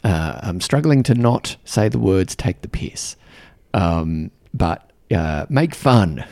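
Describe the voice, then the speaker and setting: A man with a low, gravelly voice hosts a podcast, telling a self-mocking story and then turning thoughtful. His pitch swings widely as he talks, and the recording sounds dry and close. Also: expressive, slow, a little mellow, dry recording. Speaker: podcast host. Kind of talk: casual reflective monologue.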